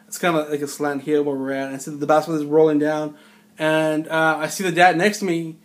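A man's voice: a little high, level tone, brisk. A man in his forties telling a rambling, incredulous story in casual conversational style. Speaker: storyteller recalling film-set security work. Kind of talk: casual spoken anecdote.

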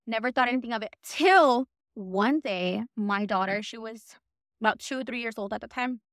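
A woman's voice: fairly high pitch, normal speed, fairly bright tone, no echo, studio quality. Chatty woman telling a ghost story. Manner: chatty, lots of "I'm like" quoting. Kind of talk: casual spoken ghost story.

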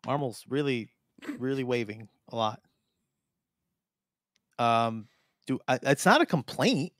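A man's voice: medium pitch, expressive, slow, long pauses, a bit bright, dry recording. A man co-hosting a live improvised comedy stream, hesitant and full of fillers and restarts, talking into a desk mic. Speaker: co-host.

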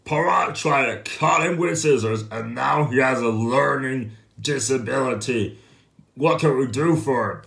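Slow, gravelly exasperated man. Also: medium pitch, fairly bright tone, echoey room. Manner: whiny, exasperated. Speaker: cartoon narrator and voice actor. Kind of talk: cartoon acting.

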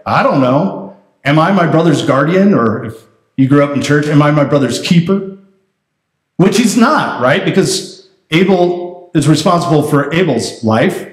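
A man's voice: on the high side, darkish tone. A man preaching a conversational sermon as pastor, often checking in with the congregation. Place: church sanctuary. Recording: roomy church sanctuary.

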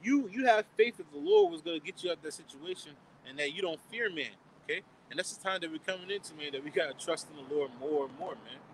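Man, high-ish voice, street preacher in a casual Bible study, "man" and "okay?" after every line, faint traffic behind. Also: big pitch swings, quick pace, creaky, few pauses, rough recording. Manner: asks questions and answers them himself. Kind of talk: informal outdoor Bible teaching.

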